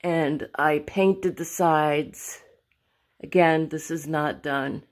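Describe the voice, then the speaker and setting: Strolling past her artwork on a wall, a vlogger gives a casual show-and-tell, rambling and fumbling for words before correcting herself. She speaks very slowly in a low, steady voice.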